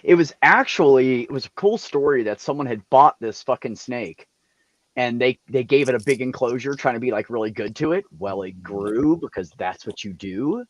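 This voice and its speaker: A man's voice: mid-range voice, normal speed, dull audio. Profane man telling stories on a call. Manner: profane, animated anecdote-telling. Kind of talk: casual storytelling.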